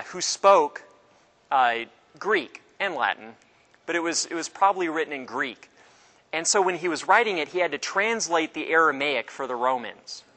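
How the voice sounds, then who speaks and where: Bright-voiced man giving a casual lecture. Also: on the high side, rough recording. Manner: casual, halting, with many fillers and restarts. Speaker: teacher. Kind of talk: informal classroom lecture.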